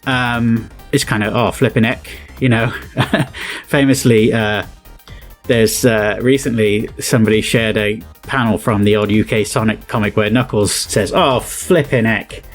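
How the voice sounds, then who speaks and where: A man's voice: on the low side, steady tone, unhurried, soft background music. A British man giving casual reaction commentary, rambling, chuckling and often correcting himself. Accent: British English. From Britain. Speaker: YouTuber.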